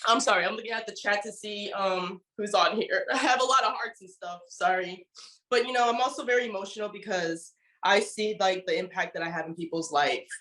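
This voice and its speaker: Woman, mid-pitch, sharing an emotional motivational testimony, filler-heavy casual delivery, echoey room. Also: fairly quick, sharp tone. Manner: emotional, repeats "you know" often. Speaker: network marketing leader giving a testimonial.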